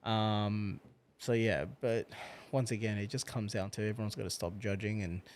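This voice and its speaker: A man's voice: fairly low pitch, steady tone, normal speed, darkish tone, a little hiss or hum. A young man co-hosting a podcast, speaking frankly and offering opinions, often checking in with "right?". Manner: opinionated, frank, peppered with "you know" and "right?". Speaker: podcast co-host. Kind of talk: casual chat.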